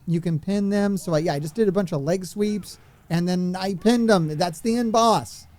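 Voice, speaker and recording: A man's voice: sits high, normal speed, darkish tone, no echo. A man streaming a wrestling video game, commenting on it in a frustrated, ranting way and swearing. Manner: exasperated, swearing rants. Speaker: gaming streamer. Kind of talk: gameplay commentary.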